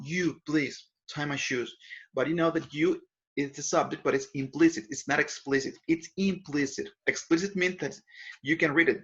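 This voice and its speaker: A man's voice: mid-range voice, a bit bright. Patient male grammar teacher, lo-fi. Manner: patient explaining, frequent self-corrections. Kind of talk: recorded classroom lesson.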